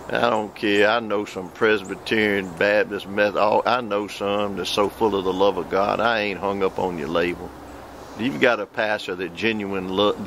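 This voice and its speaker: A man preaching a video sermon outdoors in a folksy, animated way, with sudden loud outbursts. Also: lowish voice, slight background noise. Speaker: preacher and host. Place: outdoors by the woods near his porch.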